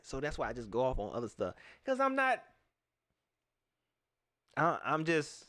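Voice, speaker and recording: A man hosting a casual sports livestream, talking straight to his viewers in a somewhat high voice. His pitch leaps up and down constantly as he rants playfully and breaks into laughter. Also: moderate pace, pauses often. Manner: animated ranting, laughs often, talks to viewers. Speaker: sports talk show host.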